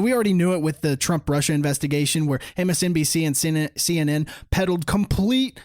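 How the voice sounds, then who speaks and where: A man's voice: a little high, dry recording, studio quality. A man hosting a solo political podcast, talking in an indignant, mocking way and laughing at his own points. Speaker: podcast host.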